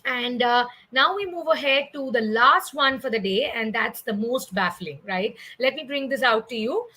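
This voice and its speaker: Poor audio captures a fairly high-pitched, pushed and bright female voice with an Indian English accent, speaking at a moderate pace. She leads a live online comedy class, walking through each point in order while sprinkling in "uh" fillers and frequent tag questions of "right?".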